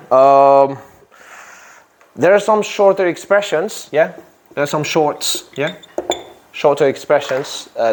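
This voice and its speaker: A man's voice: mid-range voice, darkish tone. A man teaching an English grammar lesson to a class, repeating phrases and checking in with "yeah?" after nearly every point.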